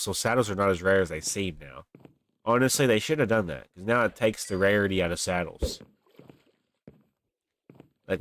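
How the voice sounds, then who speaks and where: Fairly low in pitch, a young livestreaming gamer offers casual commentary, addressing his chat animatedly and grumbling with exaggeration about his luck. Audio comes from a desk mic on a webcam stream.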